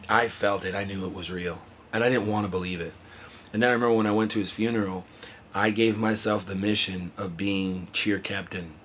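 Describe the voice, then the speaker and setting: A man earnestly recounting a personal story in a halting way, his voice often trailing off quietly. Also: lowish voice, slight background noise, rough recording. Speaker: interviewee telling a personal story. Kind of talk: candid personal account.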